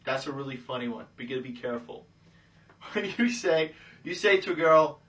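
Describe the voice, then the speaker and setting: Breezy bright-voiced man coaching dating. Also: medium pitch, expressive, moderate pace, distant mic, slight background noise. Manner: breezy, acts out pickup lines in quoted voices, says "okay?" a lot. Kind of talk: casual instructional talk.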